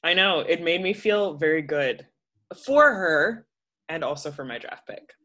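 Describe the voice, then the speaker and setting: A co-host in a casual podcast chat whose pitch swings widely and expressively. The talk is playful, with laughs and jokey asides between remarks. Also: expressive, unhurried, pushed and bright. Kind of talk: casual chat recapping a reality show.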